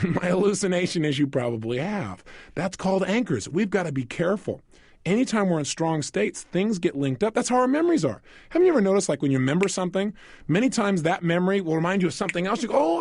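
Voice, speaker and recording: A man speaking in a higher register, his pitch swooping up and down as he teaches. The recording is close and dry, with no room around it. He keeps asking the listener questions and plays out little scenes. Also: no echo. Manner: animated, asks listeners questions and acts out quoted voices. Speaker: motivational speaker. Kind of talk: recorded self-help program talk.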